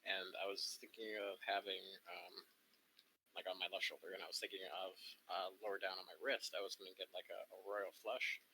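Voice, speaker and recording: A man's voice: low voice, flat delivery, normal speed, pushed and bright, low-quality recording. A young man chatting casually as a co-host, rambling with many ums and restarts. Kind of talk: casual chat. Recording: faint background noise.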